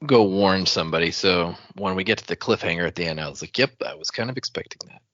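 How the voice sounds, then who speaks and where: A man co-hosting a casual book podcast, offering thoughtful, unhurried remarks. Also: sits low, a bit bright, no room sound. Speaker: podcast co-host. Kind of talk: casual book-club chat. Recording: dry, slightly dull mic audio.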